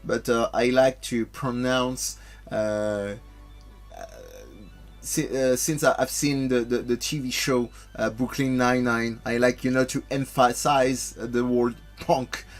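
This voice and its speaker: A man hosting a let's play, commentating casually in a halting way with many restarts and fillers. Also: mid-range voice, fairly even intonation. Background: game music.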